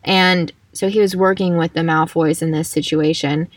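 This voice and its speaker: A woman's voice: low voice, fairly even intonation, moderate pace, recorded from a distance. A woman co-hosting a casual book podcast, chatting loosely, swearing freely and laughing often. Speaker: podcast co-host. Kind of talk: casual chat and reading aloud from a book.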